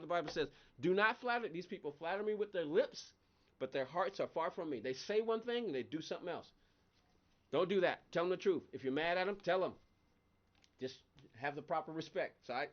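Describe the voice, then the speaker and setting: A man's voice: a little high, dull audio. A man chatting casually on a live game stream, rambling between stories and laughing often. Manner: chatty, laughs often, voice jumps up when excited. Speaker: gaming livestream host.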